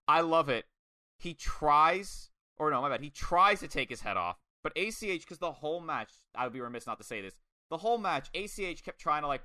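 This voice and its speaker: A man casually reviewing a wrestling match, excitable and swearing often, acting out lines in quoted voices. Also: on the high side, no echo, clean studio sound. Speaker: podcast co-host.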